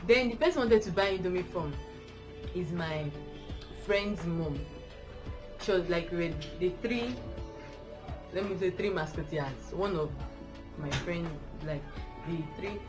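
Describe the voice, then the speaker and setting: A woman's voice: lowish voice, normal speed. A woman with a Nigerian accent telling a personal story in a vlog, rambling and correcting herself as she goes. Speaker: vlogger. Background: music.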